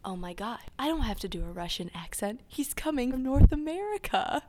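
A woman's voice: a little high, big pitch swings, brisk, dark tone. A woman co-hosting a comedy podcast, giggly and teasing, reluctant to join bits. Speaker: podcast co-host. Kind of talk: improvised comedy chat.

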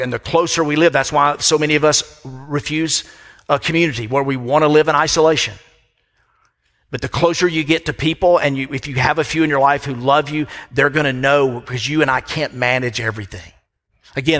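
A man's voice: medium pitch, fairly bright tone. A middle-aged man preaching a sermon from a church pulpit, emphatic and repeating phrases for weight. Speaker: pastor. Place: church sanctuary. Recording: long reverb of a church hall.

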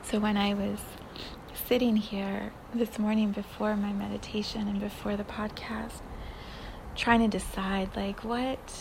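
A woman hosting a spiritual podcast, talking in a soft, dreamy way that often sinks into a breathy whisper. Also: mid-range voice, level tone, a little slow, background noise. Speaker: podcast host.

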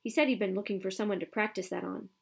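A timid schoolboy speaks shakily and mumbles his words, as a woman reads him. His storybook voice is soft and nervous. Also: mid-range voice, fairly even intonation, quick pace, gravelly, slightly rough. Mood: shaky. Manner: shaky, mumbling.

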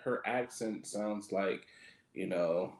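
A man's voice: lowish voice, darkish tone. A man co-hosting a podcast, joking loosely in casual banter and stretching his words out. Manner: loose, joking, drawn-out delivery. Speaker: podcast co-host. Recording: echoey room.

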